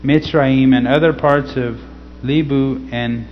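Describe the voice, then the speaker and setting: A man reading scripture slowly and teaching in a casual way, often checking in with "okay?". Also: mid-range voice, fairly even intonation. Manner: slow, deliberate scripture reading. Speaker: pastor. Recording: slightly dull recording with faint hum.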